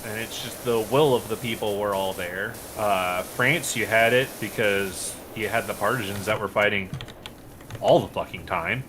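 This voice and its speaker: A man's voice: lowish voice, moderate pace, background noise. A man chatting casually while gaming on a stream. He is rambling and opinionated, and he swears freely. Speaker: streamer co-host.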